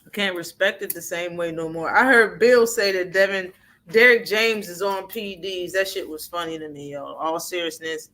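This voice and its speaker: A woman's voice: fairly low pitch, normal speed, sharp tone. A woman hosting a live boxing talk stream in casual, profane chat, laughing often and answering her chat.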